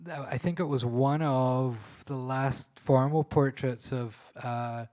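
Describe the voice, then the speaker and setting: A Scottish man speaking at a live panel event, recounting his photo shoots with eager, breathless excitement. He laughs often and stumbles over his words as the stories tumble out. His voice sits at an ordinary middle pitch. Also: slow. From Scotland. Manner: enthusiastic storyteller, laughs often, restarts and fillers. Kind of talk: anecdotal talk at a public event. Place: live talk venue.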